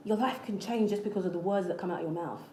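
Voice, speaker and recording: Earnest woman coaching, mellow voice. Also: medium pitch, quick pace, slight background noise. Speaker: manifestation channel host. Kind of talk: casual motivational talk to camera. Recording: echoey room with faint ambience.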